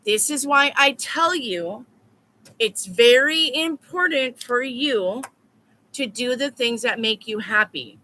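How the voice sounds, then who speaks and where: A woman's voice: on the high side, animated, takes it slowly, sharp tone, slight background noise. A woman tarot reader talking live to her viewers in a blunt, repetitive, profane way. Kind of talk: live-stream chat with viewers.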